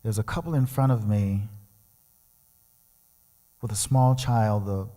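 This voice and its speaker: Warm in tone and fairly low in pitch, this man takes it slowly with fairly even intonation. He's a guest speaker and musician giving a storytelling sermon, dramatically acting out the voices, and the large church sanctuary adds a long reverb.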